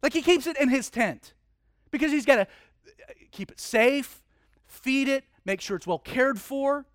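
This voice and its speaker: A man's voice: extremely high pitch, measured pace, no echo, clean studio sound. A man preaching a sermon, telling a story vividly and dramatically with frequent restarts.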